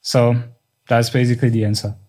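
A man's voice: mid-range voice, flat delivery, a little fast, darkish tone. French-accented man explaining casually. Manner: explanatory, thinks aloud with frequent restarts and "basically". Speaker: podcast co-host. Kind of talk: casual chat.

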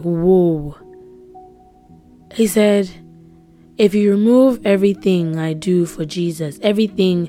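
Young woman podcast preacher, kinda low voice, earnest and repetitive, faint music behind. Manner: earnest, repetitive, drops to soft whispers for emphasis. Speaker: podcast host.

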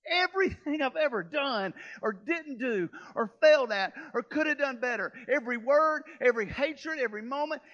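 A man preaching a sermon, telling a story and swinging between hushed and loud, fervent passages. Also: very high-pitched, expressive, moderate pace, dull audio. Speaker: pastor.

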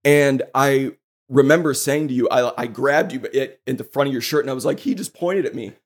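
Guy on a podcast hyped up telling a story, swears a lot, mid pitch. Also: brisk. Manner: excited storytelling, swears freely. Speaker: podcast host. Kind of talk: casual chat.

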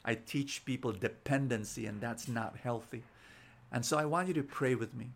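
A man's voice: medium pitch, moderate pace, vocal fry, fairly bright tone. A man, preaching an inspirational sermon and telling stories, often repeating words as he starts sentences. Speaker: preacher and show host.

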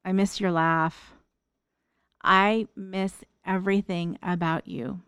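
Middle-aged woman, low smooth voice, dry close sound; tender heartfelt monologue to her late mother. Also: steady tone, slow, a bit bright, no echo. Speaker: daughter writing an open letter.

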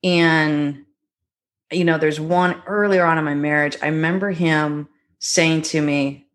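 A middle-aged woman, a guest on a talk show, telling stories about her marriage in a reflective, gentle way. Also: deep voice, fairly even intonation. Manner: warm, reflective storytelling with gentle pauses. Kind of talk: conversational podcast interview.

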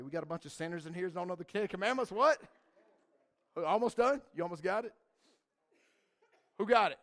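Animated high-voiced young man storyteller. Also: brisk, long pauses. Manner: animated, rambling, says man and dude a lot. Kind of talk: casual storytelling to a church group.

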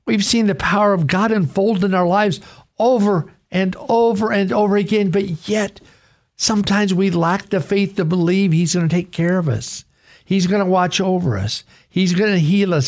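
Animated gravelly-voiced male radio preacher. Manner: expressive preaching with dramatic pitch swings. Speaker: pastor. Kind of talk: radio devotional sermon.

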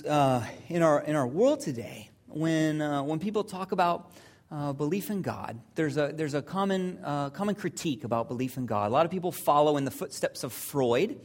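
A pastor delivers a sermon in a chatty, story-driven style, now and then stumbling over hesitant fillers and sinking to a hush when things turn serious. His pitch sits in the middle, his delivery is animated, and he speaks at a normal speed.

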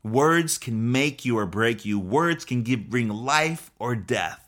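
A man's voice: mid-range voice, lively intonation, slow pace, a bit bright. A man preaching a sermon with emphatic, urgent delivery, often restarting and repeating phrases. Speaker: pastor.

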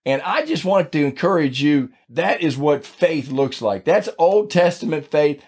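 A man's voice: on the high side, animated, measured pace, a little mellow, breathy edge. A man hosting a devotional podcast, teaching scripture in a folksy, conversational way and closing in prayer. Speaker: podcast host and Bible teacher.

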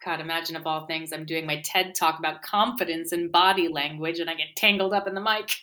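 An actress playing a poised but anxious sociology professor in a comedy sketch, sounding slightly strained under the calm. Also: female voice, low-pitched, a little fast. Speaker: professor giving a talk.

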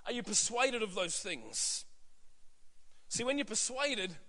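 Bright high-voiced male pastor preaching. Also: big pitch swings, slow pace. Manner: conversational, many fillers and asides. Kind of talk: sermon. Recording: long hall reverb.

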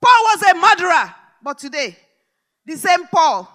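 Woman preacher, live church sermon, piercing high voice, fervent shouted repetition. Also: very animated, a little slow. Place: large church hall service.

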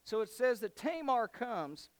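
A man teaching a Bible study, retelling the story in an animated, folksy way with casual slang. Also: very high-pitched, unhurried, poor audio.

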